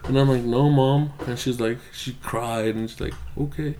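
A man's voice: mid-range voice, fairly even intonation, moderate pace, warm tone, a little hiss or hum. A young man telling a loose, rambling story on a casual podcast and laughing often. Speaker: podcast co-host.

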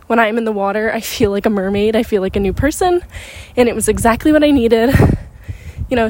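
Bubbly woman chatting on a windy walk. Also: a little high. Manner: bubbly, rambling, excitable. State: slightly out of breath. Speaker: podcast host. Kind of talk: casual chat. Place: outdoors on a walk in a neighborhood, windy.

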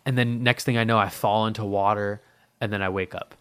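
Podcast host, man, low and dry-sounding, profane rambling delivery, parched mouth. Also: steady tone, brisk, fairly bright tone, smooth, dry recording. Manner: profane, rambling, heavy with fillers. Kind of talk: casual rambling monologue.

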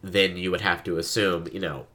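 Man co-host, very low pitch, crisp forceful tone, chatty and full of backchannels. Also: little pitch movement, moderate pace. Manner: chatty, frequent listener backchannels. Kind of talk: casual book discussion.

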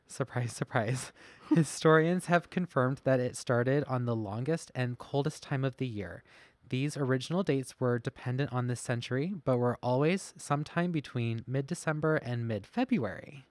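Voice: mid-range voice, moderate pace, no echo. A podcast co-host reading research notes from a phone, with self-deprecating, chatty asides. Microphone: podcast mic, masked.

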